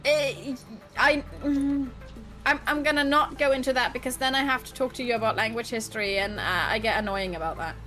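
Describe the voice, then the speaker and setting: A woman's voice: high voice, fairly quick, pushed and bright, faint music behind. A woman in her twenties chatting casually on a stream, blunt and ranting, swearing freely. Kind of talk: casual chat.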